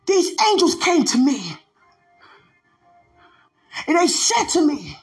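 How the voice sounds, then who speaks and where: A woman preaching a fervent sermon, declaiming in repeated refrains and at times shouting. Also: high voice, very animated, slow pace, long pauses, soft background music. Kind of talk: fervent sermon over music.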